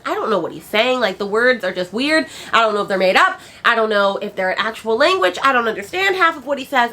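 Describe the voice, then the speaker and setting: A woman's voice: on the high side, bright, forceful tone. A woman book vlogger chatting casually and ranting with exasperated asides. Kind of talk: casual chat.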